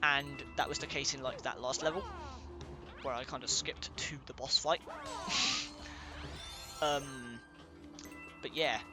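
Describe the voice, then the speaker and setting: A man casually commenting on his gameplay at home on a headset, rambling and excitable, often apologizing to his viewers. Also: medium pitch, takes it slowly, long pauses. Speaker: let's play host. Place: room at home at a gaming chair. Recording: game music clearly behind.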